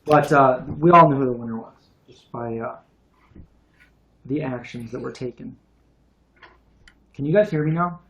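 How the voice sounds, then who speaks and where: A man's voice: medium pitch, normal speed, creaky, long pauses, a bit bright. Man chatting on a lo-fi livestream. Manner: rambling, with restarts and asides. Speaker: co-host of vegan cooking livestream. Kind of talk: casual livestream chat. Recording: dull lo-fi stream audio.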